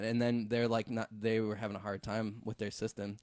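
A man's voice: lowish voice, moderate pace, clean tone, no echo. A man, a visual effects artist, telling a story in a casual podcast chat, full of fillers and swearing. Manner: relaxed, filler-heavy, swears freely.

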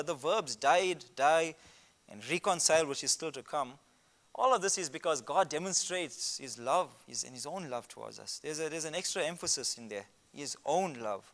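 A man preaching a sermon, stressing key words loudly and slowing down for scripture quotes while explaining word meanings step by step. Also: fairly high pitch.

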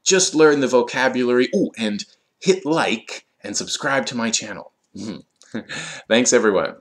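A man's voice: medium pitch, expressive. A man teaching English vocabulary, explaining words carefully with frequent fillers. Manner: slow, deliberate explanations with fillers. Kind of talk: vocabulary lesson.

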